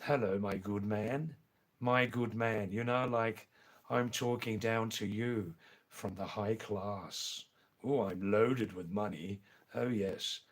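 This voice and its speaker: A man putting on a pompous, wealthy upper-class British gentleman with a posh British accent and a haughty drawl. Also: fairly low pitch, slow pace, pitched below the performer's own voice. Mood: snooty. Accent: posh British put on.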